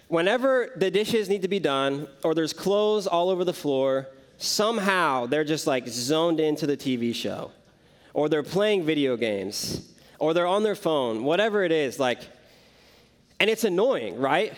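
A man's voice: fairly high pitch, animated, unhurried. A young man preaching a casual sermon, telling the story conversationally with frequent asides to the listeners. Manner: conversational, many "like" and "right?" asides. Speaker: youth preacher.

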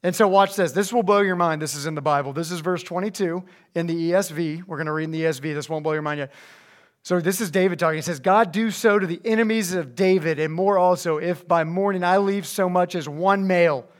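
A young man preaches to a room of teenagers in a bright, high voice. He jokes with them and acts out the quotes, jumping up sharply in pitch for comic effect. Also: fairly quick. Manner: animated, joking, acts out quotes with big pitch jumps. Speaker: youth pastor. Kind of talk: energetic sermon to teens.

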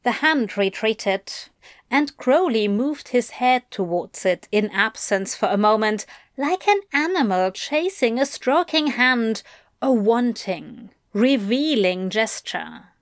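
A woman reads a story aloud in an unhurried, expressive way, with a lively, rising and falling voice set slightly higher than most. The recording is close and dry, with no room sound. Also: no echo. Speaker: narrator. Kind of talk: audiobook narration.

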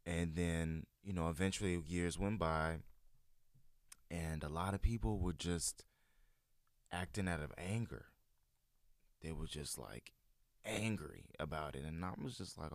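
Man, low voice, laid-back rambling storyteller, dry close mic. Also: normal speed, no echo. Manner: relaxed, rambling storyteller with many fillers. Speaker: guest sharing his church experience. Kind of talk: casual chat.

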